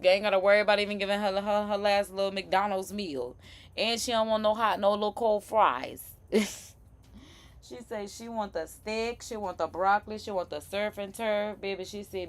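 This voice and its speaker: A woman with a New Orleans accent hosting a live stream, reacting to news clips in slangy, animated, casual chat. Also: medium pitch, normal speed. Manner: animated, chatty, slangy, laughing asides.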